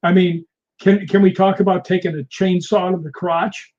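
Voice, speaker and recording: Lively man telling stories, dull lo-fi sound. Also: high-pitched, normal speed, slight background noise. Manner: animated storyteller, laughs often. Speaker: guest, film actor. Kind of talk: casual interview anecdotes.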